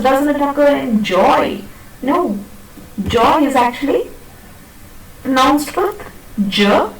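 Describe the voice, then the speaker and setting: A woman's voice: high-pitched, slight background noise. A woman teaching pronunciation in a classroom lecture, patiently repeating and demonstrating words and checking that students follow. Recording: echoey classroom from a distant mic.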